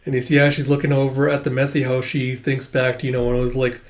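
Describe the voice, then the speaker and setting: A man's voice: mid-range voice, level tone, quick pace. A man casually recapping a manga chapter, rambling with lots of fillers. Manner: rambling, frequent fillers and "it's like". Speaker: manga reviewer.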